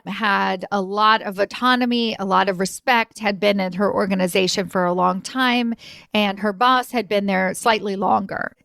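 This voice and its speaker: A woman's voice: vocal fry, fairly bright tone, smooth, no echo, studio quality. A woman hosting a solo podcast as a career coach, chatty and emphatic, laughing and asking "right?" often and acting out quoted voices. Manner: acts out quoted voices with pitch jumps.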